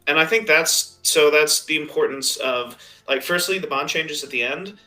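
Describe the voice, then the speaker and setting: A man's voice: on the high side, normal speed, bright, forceful tone, faint music behind. A man hosting a tabletop game podcast as game master, talking loosely and filling gaps with "you know". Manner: rambling, peppered with "you know". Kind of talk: casual conversation.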